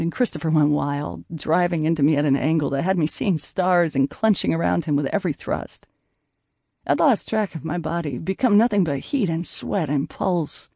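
A man reading a first-person audiobook in a soft, intimate way, at times dropping to a breathy hush. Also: on the high side, no room sound. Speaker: audiobook narrator.

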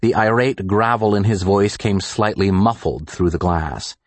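A man narrating a thriller audiobook in a measured, deliberate reading style. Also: lowish voice, dry recording.

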